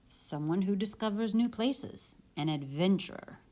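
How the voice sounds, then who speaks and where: A woman teacher reading the lines of a gentle storybook father, in a patient, explaining tone. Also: mid-range voice, expressive, measured pace, close to an everyday voice.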